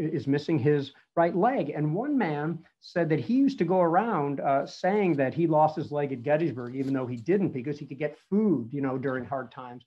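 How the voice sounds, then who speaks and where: A man in his fifties giving a casual online history talk on battlefield preservation, telling stories with lots of fillers. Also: on the high side. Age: 50s. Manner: chatty storytelling with frequent fillers. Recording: muffled lo-fi audio.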